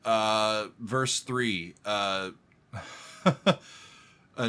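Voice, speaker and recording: A man who is a composer, giving music reaction commentary, excitable and humming along as he talks to viewers like friends. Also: fairly low pitch, extremely slow, long pauses.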